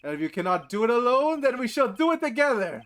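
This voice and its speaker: A man's voice: very high voice, sing-song, a bit bright, full character voice. A man voicing Edgeworth, a stern cool prosecutor. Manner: measured, stern and formal. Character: cool, composed male prosecutor, adult. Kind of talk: reading game dialogue aloud.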